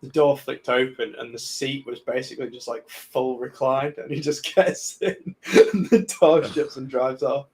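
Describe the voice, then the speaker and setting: A man's voice: mid-range voice, moderate pace, hardly any pauses. Podcast host guy, medium voice, laid back, lots of um and like. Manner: relaxed storytelling with fillers. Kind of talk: casual podcast chat.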